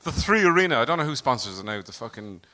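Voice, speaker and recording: A man's voice: mid-range voice, big pitch swings, quick pace, bright, forceful tone. A man hosting a casual comedy chat, wry and teasing.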